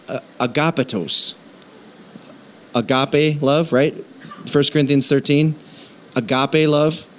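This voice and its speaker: A man preaching a sermon in a lively, conversational way, joking and asking the congregation questions. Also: mid-range voice. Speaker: pastor.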